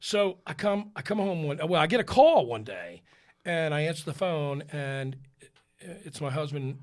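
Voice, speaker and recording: A man's voice: on the high side, normal speed. A man hosting a podcast, telling a story in a self-mocking way and laughing as he goes. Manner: animated, self-mocking, laughing between lines. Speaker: podcast host. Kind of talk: casual storytelling.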